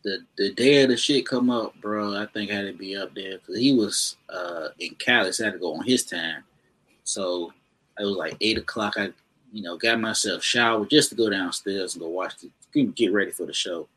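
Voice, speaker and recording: A man with a low, slightly husky voice tells a story from his early days in comedy in a loose, casual way. He plays out the voices of the people in it as he goes. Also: moderate pace, rough recording. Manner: animated storyteller, acts out quotes. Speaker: guest comedian.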